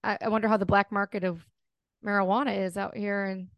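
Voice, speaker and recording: A woman co-hosting a podcast, talking in a blunt, casual way and swearing freely. Her voice sits at a middling pitch. The sound is close and dry. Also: level tone, fast, no room sound. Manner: blunt and profane. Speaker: podcast co-host. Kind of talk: casual chat.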